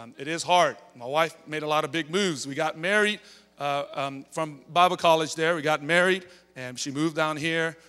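In a reverberant church sanctuary, a pastor gives a sermon built around stories, chatting along and capping lines with "okay" and "all right." His voice is on the high side, pushed and bright, clear and resonant.

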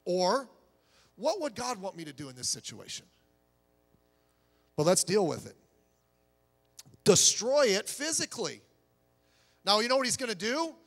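A male pastor delivers a sermon in a high, bright voice. He preaches conversationally yet emphatically and throws rhetorical questions at his listeners. His words ring out with a long reverb in a large hall. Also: very animated, measured pace, vocal fry, pauses often.

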